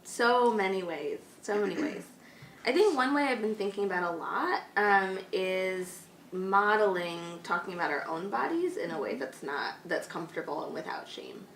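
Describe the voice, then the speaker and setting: Gentle woman talking in an echoey room. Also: medium pitch, animated, moderate pace. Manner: thoughtful, gentle, many fillers. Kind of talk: conversational discussion. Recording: echoey room, faint noise.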